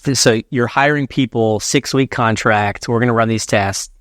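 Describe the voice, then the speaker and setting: A man hosting a health podcast interview, speaking in an energetic announcer-style voice while gesturing with his hands. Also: mid-range voice, normal speed, no room sound, studio quality. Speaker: podcast host.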